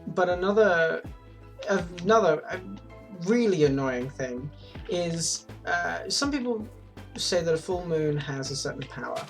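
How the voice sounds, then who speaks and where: A woman with a somewhat low voice chats casually while she plays, rambling and restarting her sentences. She swears freely, and faint music sits under her voice. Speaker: streamer. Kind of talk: casual chat while gaming.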